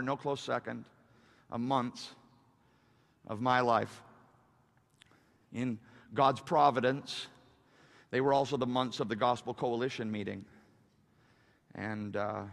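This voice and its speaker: A man, a pastor, preaching a sermon, swinging between loud fervent surges and soft, confessional stretches. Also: medium pitch, gravelly. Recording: reverberant hall.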